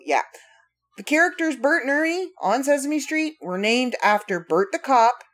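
A woman hosting a casual solo podcast, reading trivia facts aloud with playful, wry asides to her listeners. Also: mid-range voice. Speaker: podcast host.

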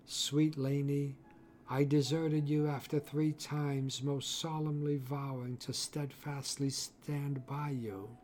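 Male narrator voicing a remorseful dying young woman; hushed, pleading, unhurried. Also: mid-range voice, little pitch movement, a little hiss or hum, lightly acted. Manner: soft, hushed, apologetic.

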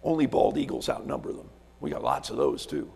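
A man's voice: on the low side, wildly swooping pitch, a little fast, creaky, mellow, slightly rough, big-room sound. A man preaching a sermon as a visiting pastor from Alaska, telling stories, repeating words and asking rhetorical questions in a church sanctuary.

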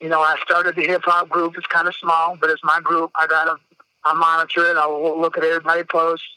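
A man tells a personal story on his podcast, blunt, profane and openly emotional. His voice is sharp and very bright but smooth, delivered in an even, level tone. The microphone sound is close and dry. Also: fairly high pitch, fairly quick, no room sound, poor audio. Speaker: podcast host.

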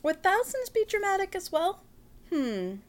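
Brash, high-voiced woman podcast host. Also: sing-song. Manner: brash, profane, quick and joking, often laughing. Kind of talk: casual podcast monologue.

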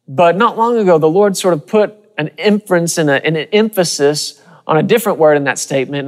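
A man preaching a broadcast sermon with passion, repeating phrases and slowing down to stress key lines. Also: on the high side, big-room sound. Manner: impassioned, repeats phrases, slows for emphasis.

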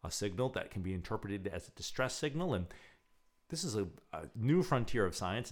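A man's voice: on the low side, brisk. A man hosting his own radio show, talking casually and acting out scenes as he tells stories. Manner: animated storyteller who acts out scenes.

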